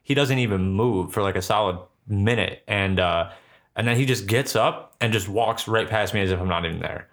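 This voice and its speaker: A man's voice: fairly low pitch, normal speed, a bit bright. A young man casually telling a ghost story, rambling and swearing with lots of filler words.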